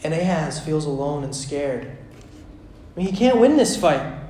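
A man preaching a sermon, swinging between loud, pressing lines and hushed, drawn-out ones. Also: fairly high pitch, big pitch swings, echoey room.

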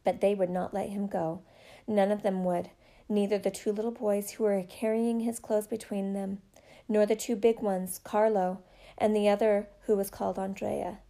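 Woman reading a novel aloud, steady and measured, with a dark, gravelly tone. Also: medium pitch. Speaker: narrator.

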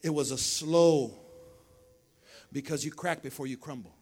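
A man's voice: on the high side, unhurried, darkish tone. A male pastor preaching to his church, firing questions at the congregation and repeating phrases. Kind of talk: lively sermon with call-and-response. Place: church service.

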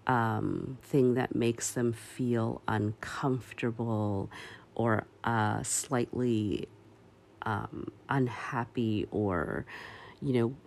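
Man talking real slow, lots of ums and pauses, leans hard on key words. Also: medium pitch, gravelly, a little mellow, a little hiss or hum. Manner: slow and halting, with many pauses and fillers; firm and emphatic on key words. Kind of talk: earnest opinion commentary.

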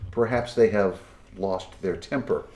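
A man co-hosting a casual podcast, explaining his points in a measured way. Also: low-pitched, darkish tone. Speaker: podcast co-host.

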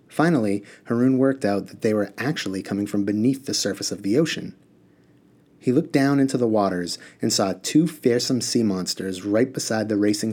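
A man reading a children's novel aloud in a steady storytelling manner. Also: lowish voice, breathy edge. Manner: steady storytelling, casual asides. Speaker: reader.

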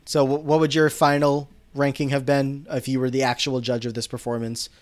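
A man's voice: medium pitch, flat delivery, a little fast. Casual man recapping a TV episode. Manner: storytelling recap that quotes characters. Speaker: podcast co-host recapping episodes.

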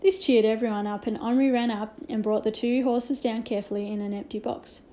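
A woman reading a children's novel aloud with gentle storytelling and hushed asides. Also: a little high, fairly even intonation, brisk. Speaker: reader.

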